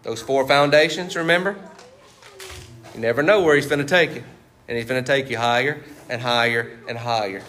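Medium in pitch and a bit bright, a male pastor's voice carries a conversational sermon. He drops fill-in questions for the congregation and tacks on "right?" and "you see what I'm saying?" to drive points home.

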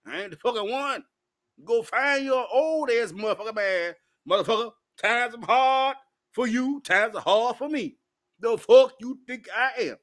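A drunk man with a high voice rambles through a profane, combative rant. His speech is loose and hiccuping as he vents straight at the camera. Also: animated, unhurried, a bit bright. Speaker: vlogger. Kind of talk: drunken ranting monologue.

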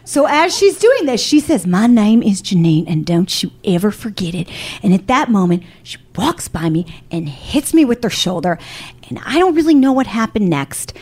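A fairly high-voiced woman telling a funny personal story on stage. She is animated and blunt, swears freely and pokes fun at herself as she goes. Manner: animated, blunt, profane, self-mocking. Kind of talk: live comedic storytelling.

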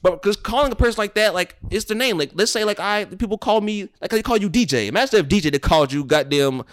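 A young adult man telling stories in a profane, animated way while co-hosting a casual podcast chat. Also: sits high, fast. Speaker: podcast co-host.

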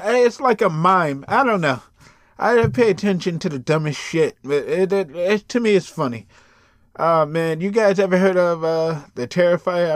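A man's voice: on the high side, no echo, studio quality. A tired man hosting a casual solo podcast, rambling loosely, swearing freely and chuckling between thoughts. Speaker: podcast host.

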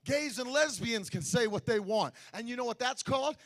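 A middle-aged man preaching a sermon, swinging from shouted, sing-song lines to quiet, close talk. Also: extremely high pitch, animated, normal speed, few pauses. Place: church sanctuary.

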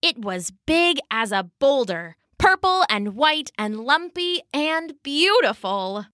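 Bright, lilting woman storyteller. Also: sits high, sing-song, slow, dry recording, clean studio sound. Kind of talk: scripted storybook narration.

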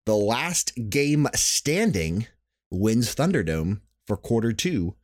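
A man's voice: on the low side, sing-song, slow pace, dry recording, clean studio sound. A young man hosting a casual gaming podcast, talking in a chatty, rambling way and often restarting his sentences. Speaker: podcast host.

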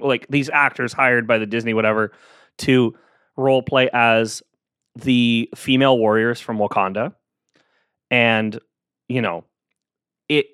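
Close to the mic and with no room sound, a podcast host speaks alone in a medium-pitched, somewhat bright voice. He talks in a casual, rambling, earnest way, putting himself down and using plenty of fillers.

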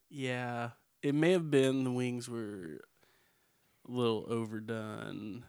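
A man's voice: medium pitch, fairly even intonation, slow pace, vocal fry, a little mellow, smooth, no room sound, studio quality. A man co-hosting a podcast, telling a rambling story in casual chat and laughing as he goes. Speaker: podcast co-host.

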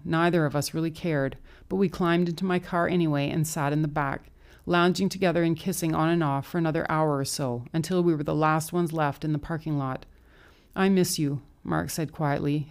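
A woman with a low, deep voice reads a first-person story in an audiobook. Her narration is calm, intimate and unhurried.

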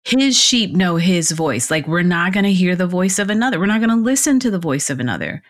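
A woman's voice: on the low side, fairly quick. A woman being interviewed as a podcast guest, a clarity coach and fitness instructor, chatting casually, laughing often and acting out quotes as she tells stories. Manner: animated storyteller who laughs often and acts out quotes.

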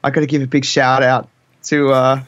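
An Australian man talks about his band in a loose, rambling way, full of ums and restarts. His voice sits at an ordinary middle pitch, and the call audio is somewhat muffled and dry. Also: level tone, normal speed, a bit bright, no echo. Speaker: band vocalist and lyricist. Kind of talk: casual interview chat.

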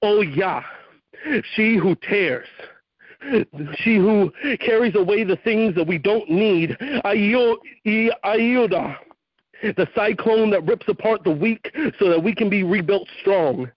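A man performing spoken word poetry with a slow, rhythmic delivery and chanted refrains, then talking with the hosts. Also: high-pitched, no room sound. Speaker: open mic poet. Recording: dull lo-fi online radio stream.

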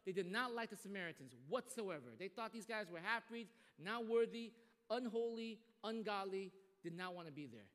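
Male pastor, high lively voice, animated sermon delivery, long reverb of a church hall. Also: normal speed. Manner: animated, acts out quoted voices.

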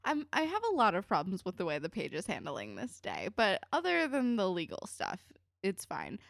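A woman's voice: on the low side, normal speed, gravelly, dry recording, clean studio sound. A woman co-hosting a podcast, chatting casually and laughing as she recaps a TV episode. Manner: chatty, animated, swears, laughs while talking. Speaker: podcast co-host.

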